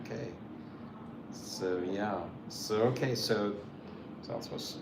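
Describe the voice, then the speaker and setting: A man's voice: lowish voice, takes it slowly. A man running a mock visa interview and coaching the applicant, encouraging and often repeating himself. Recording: echoey room with faint noise.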